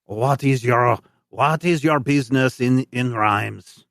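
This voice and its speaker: A man voicing a sneering male gate guard who talks slowly in a high, mocking voice. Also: creaky, fairly bright tone, dry recording, clean studio sound. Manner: slow, high, mocking delivery.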